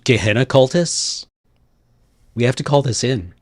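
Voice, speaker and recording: A man playing a tabletop game, talking slowly and hesitantly with many fillers. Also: mid-range voice, no room sound, clean studio sound. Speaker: player. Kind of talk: tabletop role-play chat.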